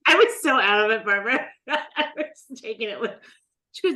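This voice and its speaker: A middle-aged woman tells a long personal story in a relaxed interview. Her pitch swings widely as she acts out the other people in the tale. She talks into a podcast mic. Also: normal speed. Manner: animated storyteller, acts out quoted voices. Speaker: guest.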